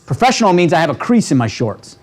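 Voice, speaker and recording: A man leading a real estate training seminar, talking with a lively, coaching manner and checking in with the room constantly. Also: fairly high pitch, quick pace. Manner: animated, asks the room constant "right?" questions. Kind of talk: motivational seminar talk. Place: seminar room with a live audience.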